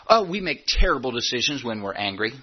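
Emphatic husky-voiced male preacher. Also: mid-range voice, very animated, muffled recording. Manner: emphatic, repeats phrases, slows down for key points. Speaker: pastor. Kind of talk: sermon.

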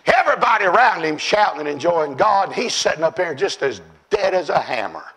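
A man preaching a sermon, telling stories with fervour and often shouting. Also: a little high, very animated, brisk, breathy edge, low-quality recording. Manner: fervent storytelling, often shouting.

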